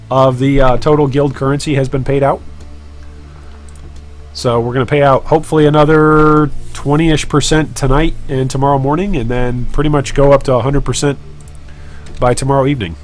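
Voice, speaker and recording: Joking man streaming, faint music behind. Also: a little high. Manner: joking, self-deprecating, chatty with viewers. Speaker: gaming streamer and guild leader. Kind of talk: casual live-stream commentary while trading.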